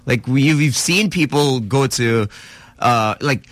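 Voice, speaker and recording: A man's voice: medium pitch, slow, dry recording. A man co-hosting a morning radio show, chatty and laughing, mixing in Tagalog words. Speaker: radio co-host. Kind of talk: morning radio banter, storytelling.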